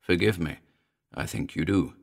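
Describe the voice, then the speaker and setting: Man reading a low, pressing gentleman buyer. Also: normal speed, creaky. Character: eager, intent gentleman house buyer.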